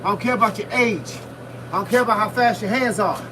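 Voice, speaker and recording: A man, a boxing fitness coach, live-streaming a workout outdoors in freezing wind, giving loud, punchy motivational talk while punching a heavy bag. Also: sits high, fast talker. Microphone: phone camera set at a distance. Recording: distant phone mic with wind noise.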